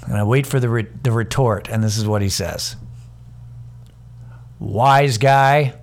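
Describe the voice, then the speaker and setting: A man's voice: lowish voice, brisk. A man casually telling a funny story about a coworker, swearing and restarting often, acting out both sides of the argument. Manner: animated, acts out both sides of a quarrel in quoted voices; casual and profane, many restarts and fillers. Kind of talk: storytelling comedy monologue.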